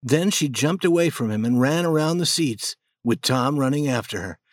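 A man's voice: medium pitch, expressive, no room sound. Man narrating a storybook, dry sound. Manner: plain, measured.

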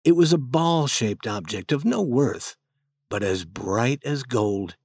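A man narrating a storybook chapter in a plain, measured way. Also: medium pitch, lively intonation, darkish tone, dry recording, clean studio sound.

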